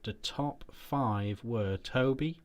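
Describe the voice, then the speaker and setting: A man's voice: medium pitch, slow pace. A British man co-hosting a casual chat, telling anecdotes in a dry, matter-of-fact way. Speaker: co-host.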